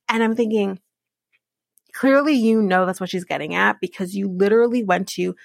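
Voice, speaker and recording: A woman hosts a podcast, recapping a reality show in casual, sarcastic chat full of blunt profanity. Her voice sits at a middling pitch and sounds dry and close, with no room around it. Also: normal speed, gravelly, dry recording. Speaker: podcast host.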